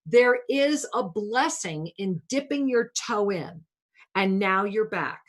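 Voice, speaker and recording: A woman's voice: medium pitch, expressive, slow. A woman hosting a spiritual talk radio show, coaching a caller in a soothing, affectionate way and calling her pet names.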